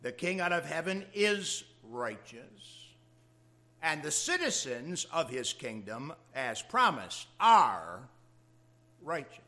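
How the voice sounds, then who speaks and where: A man's voice: a little high, sing-song, slow pace, pushed and bright. A man preaching a sermon to his congregation, with dramatic rises of emphasis in a preaching cadence. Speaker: pastor.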